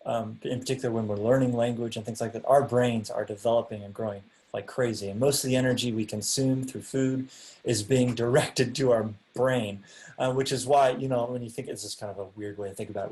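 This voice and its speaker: A young man teaching an online class from his home setup. He talks loosely and hesitantly, restarting sentences and leaning on filler words, at an ordinary pitch. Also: darkish tone. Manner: hesitant, many ums and restarts. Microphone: video call.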